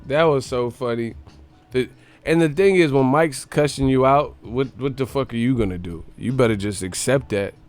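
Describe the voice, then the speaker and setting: A young man hosting a casual boxing live stream, talking loosely and profanely, now and then doing quick impressions. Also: medium pitch, dry recording, soft background music. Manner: profane, animated, slips into impressions.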